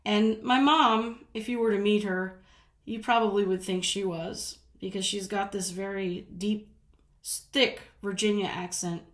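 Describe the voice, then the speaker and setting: Southern-raised woman vlogger, mid-pitched, chatty and giggly, with a roomy echo around her. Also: fairly even intonation, a little slow. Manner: chatty, rambling, laughs often. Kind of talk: casual storytelling.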